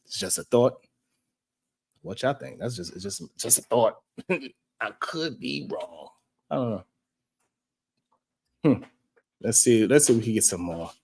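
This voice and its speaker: A man hosting a talk show, reacting to clips in loose, animated commentary, laughing and repeating himself for emphasis. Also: medium pitch, a little slow, pauses often, husky. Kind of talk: casual commentary. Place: studio.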